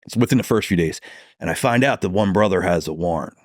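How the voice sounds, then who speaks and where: A man's voice: low voice, fast talker, no room sound, clean studio sound. A man, a police detective, telling stories from the job in a podcast interview, swearing freely and acting out heated phone calls.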